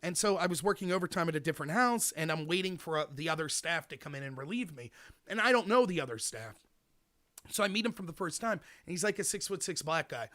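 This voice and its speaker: Man, political talk host, opinionated monologue, swooping lively delivery, bright edge. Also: fairly high pitch, fast talker. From United States. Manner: animated, opinionated, addresses listeners directly.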